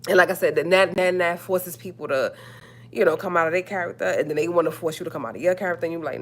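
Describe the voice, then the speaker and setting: A woman's voice: lowish voice, quick pace, slight background noise. A woman hosting a livestream, talking in a sassy, emphatic way and repeating her points. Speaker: livestream host. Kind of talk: casual livestream rant.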